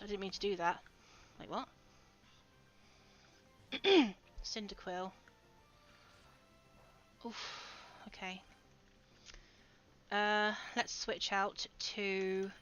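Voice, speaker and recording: A woman's voice: medium pitch, bright, forceful tone, smooth, highs cut off. A woman streaming a game, chatting casually with her viewers and laughing often. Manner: giggly, chatty, talks to chat. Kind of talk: casual livestream commentary.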